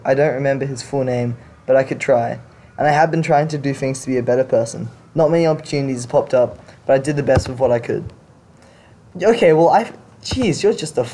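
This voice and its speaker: Guy reading confession stories out loud, mellow low-key voice, swears a bit when he reacts. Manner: reads aloud, then reacts with blunt casual swearing. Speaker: podcast host reading stories. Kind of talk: reading confessions aloud with comments.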